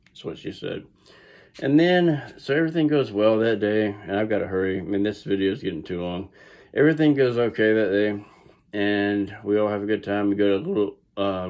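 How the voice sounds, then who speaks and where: A man's voice: lowish voice, creaky, a little mellow. A middle-aged man with a Southern US accent tells a story casually, rambling with restarts and asides. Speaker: vlogger.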